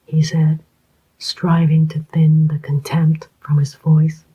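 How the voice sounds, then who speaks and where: An audiobook narrator reading a thriller aloud in a slow, even, hushed whispered role-play. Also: medium pitch, husky. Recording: dull lo-fi recording.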